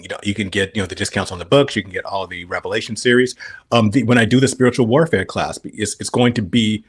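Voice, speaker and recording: A man's voice: fairly low pitch, husky. A man speaking as a podcast guest in casual chat, rambling with frequent restarts.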